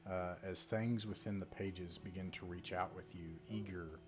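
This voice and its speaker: A man with a low voice runs a tabletop game, narrating in a relaxed, casual way. Faint music plays behind him. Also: normal speed. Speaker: game master.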